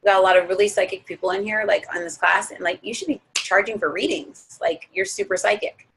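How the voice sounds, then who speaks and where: A woman's voice: medium pitch, fast, fairly bright tone, poor audio. A young woman leading a guided visualization class in a casual, chatty way, full of filler words. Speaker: spiritual teacher leading a guided meditation.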